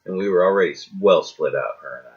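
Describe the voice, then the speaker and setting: This man co-hosts a casual chat show and talks in a relaxed, rambling way, swearing bluntly. His voice sits very low, and the recording sounds dull and lo-fi. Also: quick pace. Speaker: podcast co-host.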